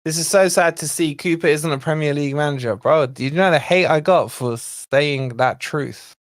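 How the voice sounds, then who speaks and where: A man hosting a live fan watch-along, commentating on play and chatting with viewers, excitable and quick to shout at near misses and fouls. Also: a little high. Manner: chatty, talks to viewers and co-host. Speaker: fan channel host.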